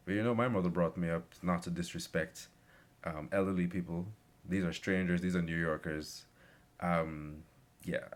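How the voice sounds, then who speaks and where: A man's voice: low-pitched, a bit bright. A young man rambling through a casual story with lots of fillers. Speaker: vlogger.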